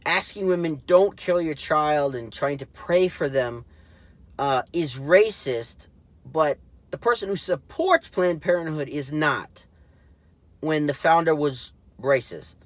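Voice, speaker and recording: Rambling indignant man, slightly high voice. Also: dry recording. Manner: rambling, full of fillers and restarts; indignant, mocking. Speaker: political commentary show host. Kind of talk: casual solo commentary.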